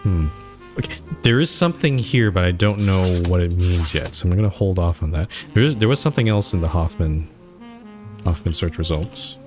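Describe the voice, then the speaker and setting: A man's voice: low-pitched, animated, normal speed, music in the background. A man streaming a detective game, thinking aloud and reading on-screen text aloud. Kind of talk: let's play commentary.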